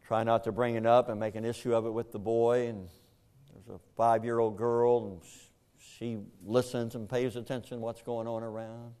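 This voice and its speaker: An older man, a pastor, preaching a sermon and telling a painful family story, jumping between shouted questions and hushed, heavy passages. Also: medium pitch, flat delivery, normal speed, clean tone.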